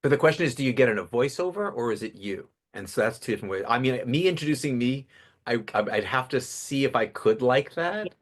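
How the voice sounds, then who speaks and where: A man, a public speaking coach, talks as a guest in a podcast interview, telling animated stories with quick restarts. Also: medium pitch.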